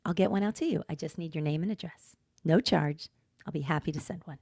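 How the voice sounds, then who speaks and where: A woman in her fifties co-hosting a podcast in casual chat, animated and swearing freely. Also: low-pitched, fast talker, dry recording, clean studio sound. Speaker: podcast co-host.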